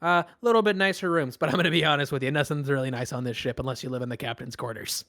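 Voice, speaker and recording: A man's voice: mid-range voice, fast talker, a bit bright, no echo, clean studio sound, natural voice. A man voicing a jolly, chubby male pirate first mate who talks cheerily and brags. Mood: chatty. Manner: cheery, chatty, boastful.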